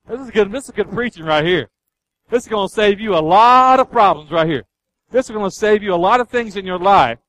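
A man's voice: high voice, a bit bright, rough recording. A man preaching a sermon with emphasis, repeating key lines and acting out people's excuses. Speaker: pastor.

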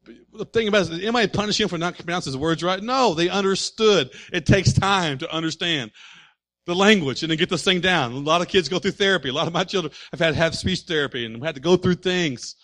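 A man preaching a sermon as pastor, animated and full of rhetorical questions to his congregation. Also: sits high, quick pace.

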